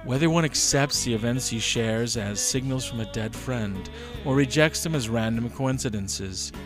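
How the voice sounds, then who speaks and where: A male host reading a scripted segment narration in a measured, announcer-like way. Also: medium pitch. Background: guitar music.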